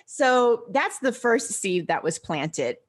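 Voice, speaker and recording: Measured, articulate older woman. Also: on the high side, sing-song. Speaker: guest, financial behaviorist. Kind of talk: interview answers.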